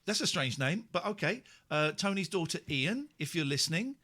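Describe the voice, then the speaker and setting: Bright, teasing radio phone-in host. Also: male voice, a little high, big pitch swings, normal speed. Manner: mocking, teasing callers, bursts of shouting. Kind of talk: late-night radio phone-in. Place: radio studio. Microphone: studio microphone.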